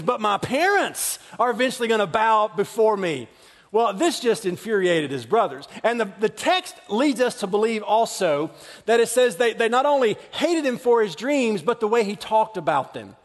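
Man in his forties preaching, high voice, chatty asides, echo from a big hall. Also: expressive, normal speed. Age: 40s. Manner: chatty, self-deprecating, frequent restarts and asides. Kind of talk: conversational sermon storytelling. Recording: long reverb of a large hall.

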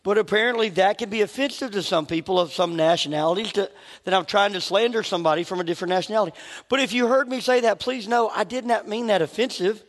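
A middle-aged man delivers a church sermon in a high-pitched voice at a quick pace. He keeps it conversational, cracking jokes and laughing at himself, and the large sanctuary gives the recording a long reverb.

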